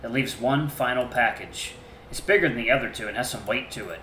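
A man's voice: mid-range voice, fairly quick, sharp tone, roomy sound, slight background noise. A man hosting a Let's Play, greeting viewers in a friendly, upbeat way and narrating a story game.

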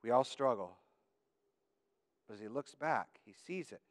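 A man's voice: mid-range voice, a little slow. Preaching man in an echoing church. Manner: animated, joking asides, rising to emphatic declarations. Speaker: pastor. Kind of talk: sermon. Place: church sanctuary. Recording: church hall with long reverb.

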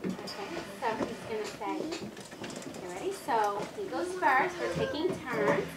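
High-voiced teacher in an echoey classroom. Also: female voice, lively intonation. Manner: slow, clear instructions to children. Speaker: first grade teacher. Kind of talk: classroom lesson. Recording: echoey classroom, distant mic, noisy.

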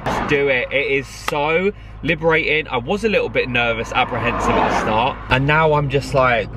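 A man vlogging on a solo road trip, gushing and excitable, talking into a phone on a tripod from his car and outdoors. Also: mid-range voice, very noisy. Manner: excitable and gushing, full of exclamations. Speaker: travel vlogger. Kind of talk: casual vlog talk to camera. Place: in a car and outdoors by roads and the seafront. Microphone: phone on a small tripod.

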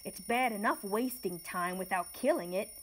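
A woman voicing a gruff, impatient male watchdog with an alarm-clock body in a storybook reading. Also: mid-range voice, moderate pace, slight background noise, natural voice. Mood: stern. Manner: growling, impatient, scolding.

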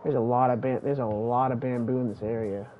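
A young man giving casual live commentary while playing a game, excitable and swinging between muttering and squealing. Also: mid-range voice, fairly quick. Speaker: gaming streamer. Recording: tinny phone-like stream audio, faint noise.

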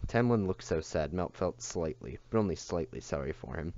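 A man reading a novel aloud in a steady, unhurried way, on a dull lo-fi recording. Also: deep voice, background noise. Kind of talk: audiobook reading.

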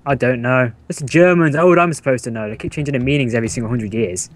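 A man's voice: mid-range voice, fast talker. A man playing a game with a friend over a voice call, laid-back and easily amused as they chat. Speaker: gaming co-player. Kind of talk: casual gameplay banter. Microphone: voice call mic.

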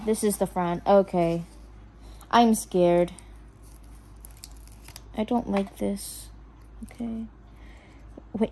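On poor audio, a woman vlogger with a highish, gravelly, warm and slightly rough voice chats casually to herself while unboxing and building a toy house. She's nervous, fretting that she'll mess it up and repeatedly saying she's scared.

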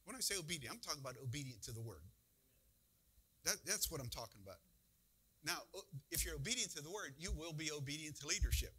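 A man's voice: a little high, animated, quick pace, pushed and bright, breathy edge. A man preaching a conversational sermon as a church pastor, full of rhetorical questions.

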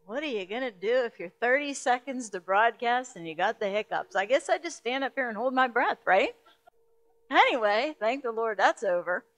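A middle-aged woman pastor preaching a sermon to a live congregation. She tells her story earnestly and with emotion, and grows louder and more urgent as she goes on. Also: a little high, animated, normal speed. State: hiccups.

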